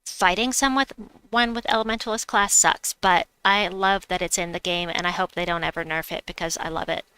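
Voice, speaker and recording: A woman's voice: lowish voice, fairly even intonation, brisk, sharp tone, smooth, no echo. A middle-aged woman hosting a game live stream, chatting casually, reading chat aloud and laughing at herself. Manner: chatty, giggly, self-mocking. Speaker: livestream gamer host.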